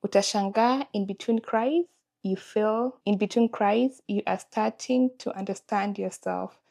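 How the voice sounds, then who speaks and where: A woman's voice: medium pitch, unhurried, vocal fry, darkish tone. A young woman, talking candidly and emotionally in a confessional vlog. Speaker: vlogger.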